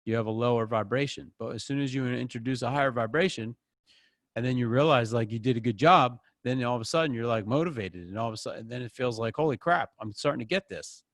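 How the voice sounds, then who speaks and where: A man teaching an online acting class in a casual, animated way, breaking into voices when he quotes people, speaking close into a microphone. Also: mid-range voice, quick pace, dry recording.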